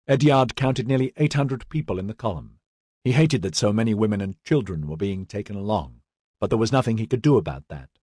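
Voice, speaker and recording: A man narrating an audiobook in a steady, even storytelling manner. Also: medium pitch, no echo, clean studio sound. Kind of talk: scripted narration.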